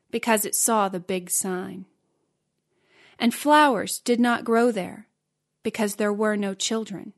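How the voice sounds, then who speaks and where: Give me a woman reading a simple storybook slowly and clearly. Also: medium pitch. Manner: slow, clear, careful reading. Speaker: narrator.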